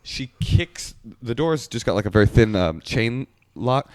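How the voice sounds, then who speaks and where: A man's voice: medium pitch, expressive, a little slow, dry recording. A man co-hosting a podcast, telling a rambling comic story in casual chat and laughing through it. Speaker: podcast co-host.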